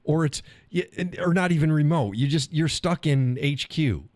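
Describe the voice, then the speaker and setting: A man's voice: a little high, expressive, normal speed, a little mellow, dry recording. A middle-aged man hosting a live stream, talking casually in a blunt, profane way and laughing often. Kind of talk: casual opinionated monologue.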